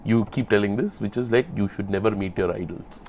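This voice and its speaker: A man's voice: lowish voice, a little fast, a little mellow, slight background noise. A man co-hosting a podcast, making teasing jokes at the guest's expense. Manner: joking, teasing. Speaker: podcast co-host. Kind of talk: casual chat.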